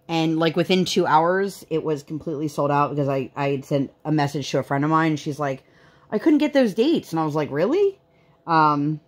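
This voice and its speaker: A woman in her thirties chatting casually while she works on a craft, rambling with lots of fillers. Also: deep voice. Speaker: vlogger.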